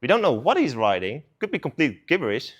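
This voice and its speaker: A young man gives a casual sermon at a student service. He retells the story in an animated, conversational way. His speech is loose and full of filler like "like". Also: mid-range voice, a little fast, slightly rough. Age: young adult.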